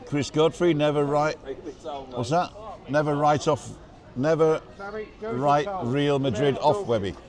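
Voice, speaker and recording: A man hosting a livestream outdoors, briskly reading out viewer names and comments. His voice sits a touch high, and a crowd keeps chattering all around him. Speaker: livestream host reading chat. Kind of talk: casual banter on a livestream. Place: outdoors at a busy bar.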